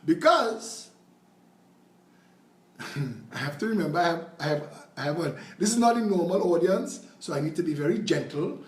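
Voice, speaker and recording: A man's voice: high voice, animated, moderate pace, long pauses, echoey room. A man with a Trinidadian accent hosting a political call-in show, combative and sarcastic. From Trinidad and Tobago. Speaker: political talk show host.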